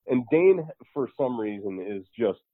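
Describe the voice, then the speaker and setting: A man's voice: medium pitch, big pitch swings, unhurried, no room sound. A man co-hosting a podcast in casual chat, rambling through his stories. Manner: rambling, many fillers and restarts. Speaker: podcast co-host. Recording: tinny phone-like line, dry.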